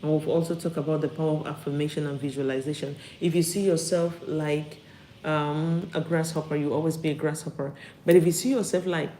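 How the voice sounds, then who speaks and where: A woman's voice: sits low, steady tone, brisk, warm tone. A woman giving a live-streamed motivational talk from home, upbeat and repeating key phrases for emphasis. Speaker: motivational speaker. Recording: roomy echo, faint background noise.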